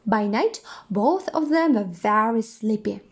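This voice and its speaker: A woman reading a children's picture book aloud, slow and expressive. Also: medium pitch, husky. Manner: slow, expressive, sing-song. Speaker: storyteller. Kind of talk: children's story read-aloud.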